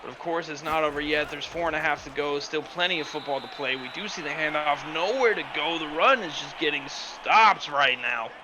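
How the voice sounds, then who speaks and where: Excitable man calling football play-by-play. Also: on the high side, a little fast, few pauses. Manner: excitable, bursts into shouts on big plays. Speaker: play-by-play commentator. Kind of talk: play-by-play commentary of a simulated football game. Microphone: home microphone that distorts when he yells. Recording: loud game crowd and noise underneath. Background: stadium crowd sound from the game.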